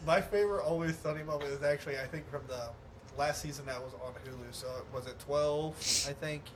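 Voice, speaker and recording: A man in a casual podcast chat, an animated storyteller who laughs mid-sentence. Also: on the high side, brisk. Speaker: podcast host. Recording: noisy background.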